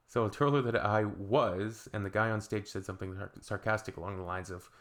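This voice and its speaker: Brief: low-voiced Canadian guy, reading comments, deadpan sarcastic asides. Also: fairly quick, few pauses. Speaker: reaction video host.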